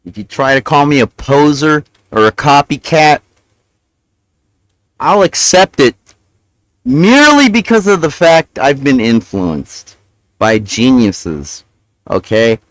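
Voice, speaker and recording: Male streamer, casual profane rant, mouth half full, mid-pitched voice, dead-dry mic. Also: very animated, slow, long pauses, fairly bright tone, dry recording, poor audio. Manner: ranting, profane, self-justifying; mumbling with mouth full while eating. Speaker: livestreamer. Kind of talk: casual rambling stream talk.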